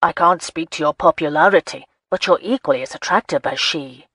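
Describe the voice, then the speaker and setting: A woman's voice: deep voice, brisk, a bit bright, husky, no echo. A woman voicing an aloof, guarded marquis with clipped, dry speech in an audiobook. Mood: teasing. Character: brooding aloof male marquis, teasing, guarded.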